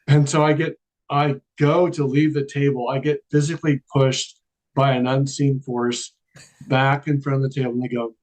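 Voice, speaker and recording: A man's voice: medium pitch, steady tone, moderate pace, a little mellow, poor audio. A man telling a long personal story in a casual interview, acting out the dialogue and laughing often. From Charleston area, American South. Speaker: guest.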